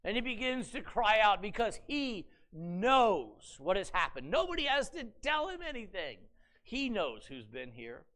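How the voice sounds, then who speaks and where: Bright-voiced, animated male pastor preaching. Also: high voice, a little slow. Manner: animated storyteller, dramatizing scripture with rhetorical questions. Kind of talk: sermon. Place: church sanctuary.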